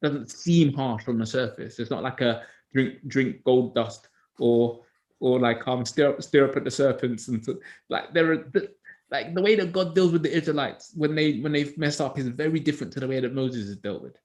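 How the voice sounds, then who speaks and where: A man, a teacher co-hosting a Bible study discussion, telling stories in a casual, animated way. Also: medium pitch, moderate pace. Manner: animated storytelling, acts out others' words.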